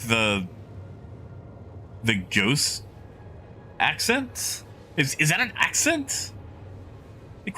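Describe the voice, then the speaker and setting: A male game streamer talking casually to his live chat. He rambles and thinks out loud, and his voice swings up and down freely. The tone is bright and forward. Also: on the high side, a little hiss or hum. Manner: rambling, chatty, musing aloud to chat.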